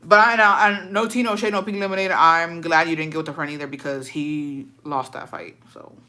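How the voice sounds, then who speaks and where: Woman host, casual chatter, low and sharp-toned, full of slang and swearing. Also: steady tone, a little fast. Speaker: host reading viewer stories. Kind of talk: casual chat and story reading.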